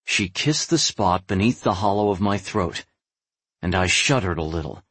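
Man, low voice, husky, dry close recording, romance audiobook narration. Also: lively intonation, moderate pace, a bit bright, dry recording. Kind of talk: first-person romance narration.

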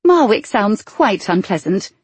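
A woman voicing a cheerful, pleasant young wife who speaks gently. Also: mid-range voice, sing-song, a little slow, breathy edge, dry recording, exaggerated voice. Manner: warm, gentle.

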